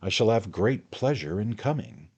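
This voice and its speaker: A man doing a stern, stately old gentleman. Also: lowish voice, lively intonation, moderate pace, slightly rough, pitched above the performer's own voice. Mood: courteous. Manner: stately, formal, indignant. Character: stout older gentleman with spectacles, stern.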